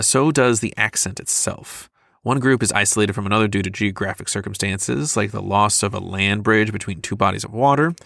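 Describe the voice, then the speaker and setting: A man's voice: lowish voice, creaky, a bit bright, no echo, studio quality. A man co-hosting a podcast in casual chat, chatty and laughing often, with many fillers. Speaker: podcast co-host.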